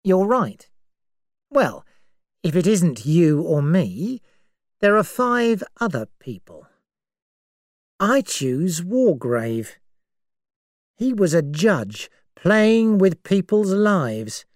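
A woman reading an audiobook, voicing a calm, sardonic man who speaks in a measured way. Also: lowish voice, no echo, studio quality, pitched above the performer's own voice, full character voice. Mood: cool. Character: calm, wry adult man.

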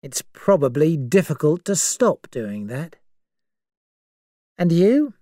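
Wry, measured man, voiced by a female narrator, calm and dry; close, dry sound. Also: low-pitched, dry recording, voice pushed up, heavily acted. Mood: cool. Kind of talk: audiobook character reading.

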